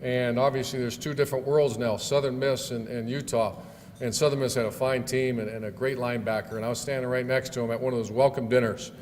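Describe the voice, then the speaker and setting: A man's voice: mid-range voice, steady tone, fast talker, darkish tone. Folksy middle-aged man telling stories. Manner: folksy storyteller with fillers and restarts. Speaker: guest speaker, football coach. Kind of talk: storytelling speech at a club event. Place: banquet hall. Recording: long hall reverb, faint room noise.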